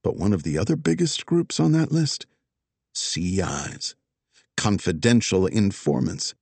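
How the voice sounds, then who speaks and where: A man narrating a crime story as an audiobook, with expressive, dramatic storytelling. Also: deep voice, a little slow, vocal fry, slightly rough, dry recording.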